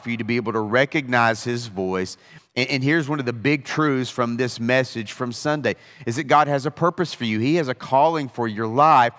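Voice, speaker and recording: A man's voice: medium pitch, a bit bright, in a large hall. A man as pastor, giving a conversational Bible study talk with frequent restarts. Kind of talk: informal Bible study teaching.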